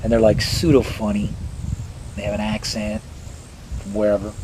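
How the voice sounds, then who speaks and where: A man ranting casually and sarcastically, swearing and slipping into high mocking voices. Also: monotone, moderate pace, background noise.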